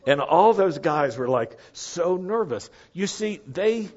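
Husky-voiced middle-aged man telling stories. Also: fairly high pitch, slow. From United States. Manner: animated, chatty, asks listeners to follow along. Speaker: storyteller. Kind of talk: casual anecdotal storytelling. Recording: dull lo-fi recording.

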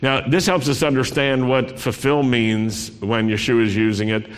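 A man's voice: mid-range voice, fairly even intonation, moderate pace, clean tone. Conversational man preaching in a big hall. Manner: conversational preaching with dramatic scripture reading. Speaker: pastor. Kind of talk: sermon. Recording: long reverb in a large hall.

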